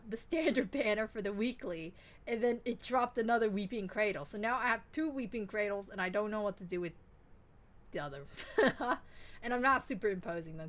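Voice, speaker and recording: A woman streamer chatting casually while playing a game, excitable and rambling, swearing freely. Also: medium pitch. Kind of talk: casual gaming stream chat.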